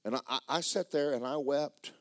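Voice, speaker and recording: A pastor, preaching a sermon and telling a personal story with emotion, often repeating himself and speaking straight to the congregation. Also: male voice, on the high side, normal speed, no echo, studio quality.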